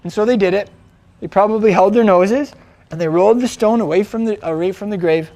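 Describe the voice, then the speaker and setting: A man's voice: high-pitched, a little fast, darkish tone, no echo. A man teaching from the Bible in a casual storytelling way, with many fillers and restarts as he retells the story conversationally.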